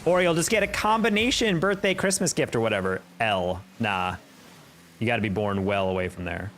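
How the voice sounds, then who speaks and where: A young man streams a game and chats casually with his viewers, telling stories and laughing often as he answers chat. His voice is lowish, expressive and fairly bright, and he talks fairly quickly. Faint music plays, with slight background noise.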